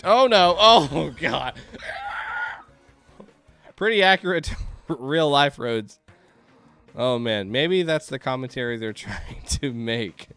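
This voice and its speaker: A man giving excitable let's-play commentary, yelping and laughing as things go wrong on screen. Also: mid-range voice, clear, resonant tone. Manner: excitable, yelps and laughs at chaos. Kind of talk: game commentary.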